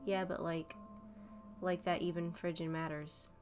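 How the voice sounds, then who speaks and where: A distraught teenage girl, bitter and down on herself, as a woman reads her out. The voice sits fairly low and barely moves in pitch. Music plays clearly behind. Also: flat delivery, a little slow, lightly acted. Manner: self-loathing, upset.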